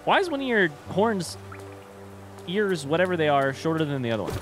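A man hosting a gaming channel, giving excitable, swearing commentary as he plays. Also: fairly high pitch, a little fast. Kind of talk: live gameplay commentary. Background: game music.

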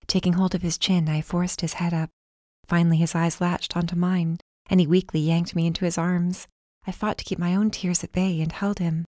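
A woman narrating a first-person audiobook in a calm, measured way. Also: lowish voice, dry recording, clean studio sound.

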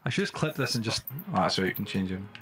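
A young man live-streaming a game, chatting with viewers in slang and breaking into loud exclamations. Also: fairly low pitch, lively intonation, fast. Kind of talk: live-stream gaming commentary. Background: faint music.

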